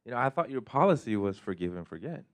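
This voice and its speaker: A man's voice: medium pitch, big pitch swings, fast, close to an everyday voice. A man doing an exasperated husband. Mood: pleading. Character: exasperated husband pleading with wife.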